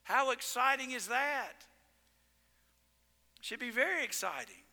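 A male pastor delivers a sermon in an animated storytelling manner, punching words with sudden loud emphasis. His voice sits high and sounds very bright and forceful. Long reverb from the sanctuary trails after each phrase. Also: slow. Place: church sanctuary.

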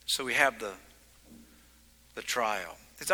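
A male pastor preaching a sermon with emphasis, swinging from loud declarations to hushed lines. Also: medium pitch, a little slow, long pauses, long reverb tail.

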